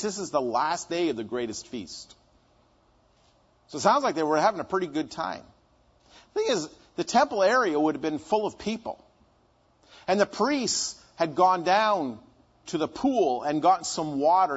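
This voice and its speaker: Male preacher, high husky voice, chatty sermon style, lo-fi recording. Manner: conversational, asks and answers his own questions.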